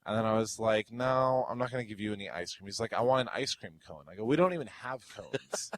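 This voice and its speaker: A young man telling a story on a casual podcast, swinging between an easy mid-range voice and loud, climbing bursts when he acts out what people said. The sound is dry and close, with no room around it. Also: on the low side, a little fast, no echo, rough recording. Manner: animated storyteller, acts out quotes with loud rising outbursts. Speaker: podcast co-host.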